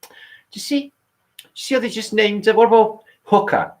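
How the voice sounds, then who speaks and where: A man's voice: high-pitched, fairly quick. A man with a British accent hosts a livestream, rambling, joking and swearing as he reads out viewer comments. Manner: rambling, swears freely, jokey banter with viewers. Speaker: livestream host. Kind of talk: casual live chat reading viewer comments.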